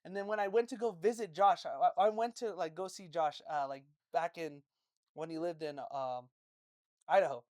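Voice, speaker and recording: A man chatting casually on a podcast, telling stories in an animated way, swearing and laughing often. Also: a little high, moderate pace, no room sound, clean studio sound. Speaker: podcast co-host. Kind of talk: casual chat.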